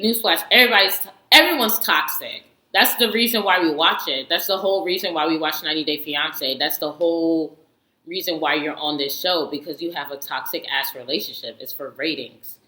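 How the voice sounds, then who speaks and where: Bright, slangy woman vlogger. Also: deep voice, normal speed, reverberant, poor audio. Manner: slangy, animated storytelling with frequent laughs; candid and outspoken, often swears. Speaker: reality TV reviewer. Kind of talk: casual chat.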